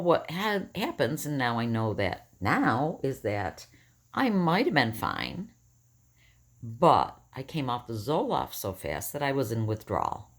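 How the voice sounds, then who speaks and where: Vlogger, woman in her 50s, husky morning voice, lively and rambling delivery, lots of pitch swings. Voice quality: rough morning voice. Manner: rambling, self-correcting, animated. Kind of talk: casual personal storytelling.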